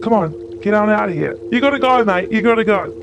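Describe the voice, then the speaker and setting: A woman's voice: medium pitch, expressive, fast talker, vocal fry, background noise. A woman voicing a brusque male hotel security guard who urgently shoos someone off, recorded in a hotel room. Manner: urgent, shooing.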